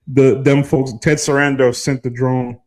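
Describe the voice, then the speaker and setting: A man's voice: mid-range voice, a little mellow. A man co-hosting a casual podcast, ranting animatedly with lots of swearing and laughter. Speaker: podcast co-host. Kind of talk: casual chat.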